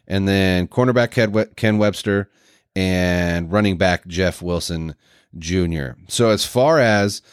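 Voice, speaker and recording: A man co-hosting a sports podcast, breaking down signings in a rambling, energetic way. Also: deep voice, a little slow, clear, resonant tone, dry recording, studio quality. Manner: energetic, rambling analysis with restarts. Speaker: podcast co-host. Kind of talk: casual sports talk.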